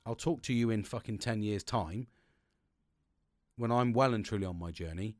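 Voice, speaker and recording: A man's voice: on the low side, moderate pace, no room sound, studio quality, faint music behind. A young man hosting a podcast, talking in a casual, rambling way, swearing freely and laughing often. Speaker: podcast host. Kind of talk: casual motivational monologue.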